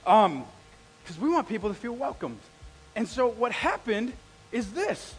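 A man's voice: extremely high pitch, moderate pace, husky. A middle-aged man preaching a sermon, telling a story and acting out quoted voices as he addresses the congregation. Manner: animated, acts out quoted voices, talks to the congregation. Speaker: pastor. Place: church hall. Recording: long hall reverb in a church.

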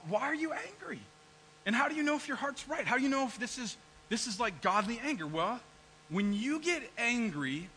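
A man's voice: high-pitched, bright, forceful tone, slight background noise, low-quality recording. A man preaching a sermon in church, acting out people's complaints to God and asking his congregation questions. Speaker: pastor.

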